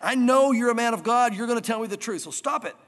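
A man's voice: very high voice, fast, a bit bright. A man preaching who acts out a suspicious, demanding ancient king in an indignant raised voice, with a long hall reverb. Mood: exasperated.

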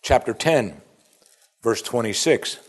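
A man delivering a sermon in a steady middle-pitched voice. He presses his points hard and keeps coming back to pointed rhetorical questions. His pacing builds and drops as he talks straight to the congregation. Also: slow. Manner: emphatic, repeats rhetorical questions. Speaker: preacher.

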